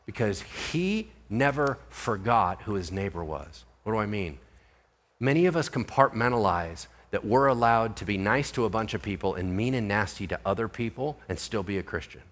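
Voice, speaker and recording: Animated, bright-voiced male pastor. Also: medium pitch. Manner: animated, conversational preaching with rhetorical questions. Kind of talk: sermon.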